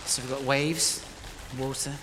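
A man preaching live in a church hall, playful and energetic, directing his congregation as he tells a story. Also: mid-range voice, unhurried. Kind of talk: interactive sermon storytelling. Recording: reverberant hall, faint noise.

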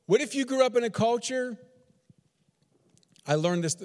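A man with a high voice preaches from Texas-born conviction, stacking repeated phrases and rhetorical questions. His sermon rings out with a long reverb, as if in a large sanctuary. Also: expressive, normal speed, darkish tone. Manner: repetitive, emphatic rhetorical questions. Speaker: pastor.

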